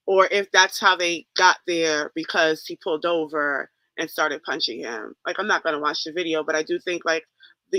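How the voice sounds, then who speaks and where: A man's voice: a little high, sharp tone, no echo, rough recording. A man co-hosting a talk show, thinking aloud in a loose, rambling way. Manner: thoughtful, rambling. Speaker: co-host. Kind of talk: casual talk show chat.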